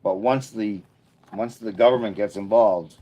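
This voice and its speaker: Rambling middle-aged man, fairly low voice. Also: moderate pace, dark tone. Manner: rambling storytelling with frequent restarts; earnest, encouraging, motivational. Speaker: livestream host. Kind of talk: casual livestream chat with viewers.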